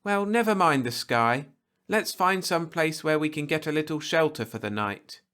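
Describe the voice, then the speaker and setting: A man reading a storybook aloud, voicing a proud, fiery young frontier woman who talks in a sharp, lecturing way. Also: a little high, animated, moderate pace, clear, resonant tone, pitched above the performer's own voice. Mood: brisk, practical.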